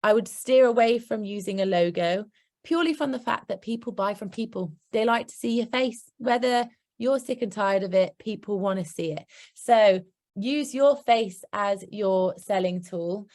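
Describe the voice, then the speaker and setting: A woman's voice: mid-range voice, moderate pace, darkish tone. A woman with a British accent presenting a marketing workshop in an upbeat, practical way, with chatty asides. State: hiccuping. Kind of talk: instructive presentation.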